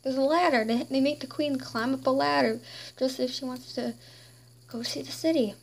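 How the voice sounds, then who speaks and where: A woman's voice: high-pitched, fairly even intonation, moderate pace, creaky. A woman giving playful, chatty gameplay commentary while role-playing as a queen. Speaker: game player.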